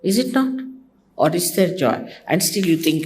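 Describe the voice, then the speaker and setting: A woman's voice: fairly low pitch, big pitch swings, moderate pace, a little mellow, a little hiss or hum. An older woman from India, a spiritual teacher giving a conversational devotional talk to her followers, teasing and mimicking others. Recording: archival talk recording.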